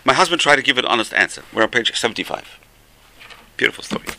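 Guy with a gravelly bright voice teaching a class, acts out the people in his stories. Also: medium pitch, fast talker, no room sound. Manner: animated storytelling with acted-out voices. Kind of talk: Torah class talk.

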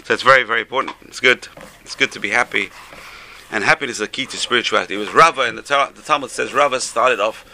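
A man teaching a Torah class as a rabbi, animated and exclamatory, dropping to soft asides and rising to loud emphasis. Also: medium pitch, quick pace, slight background noise.

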